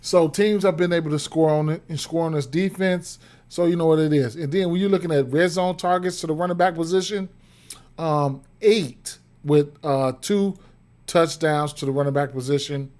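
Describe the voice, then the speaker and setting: Fairly high-pitched with a darkish tone, his voice moves at a moderate pace. He's a sports betting streamer giving casual analysis, rambling with many fillers and repeated words while hiccups interrupt him.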